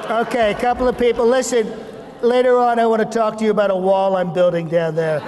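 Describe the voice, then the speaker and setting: A man's voice: sits high, little pitch movement, fast talker, in a large hall, a crowd in the background, background noise, voice pushed up, natural voice. An impressionist doing an older male politician with angry confidence, a throaty, nasal voice and a touch of New York on some words. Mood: boastful. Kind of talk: stage impression.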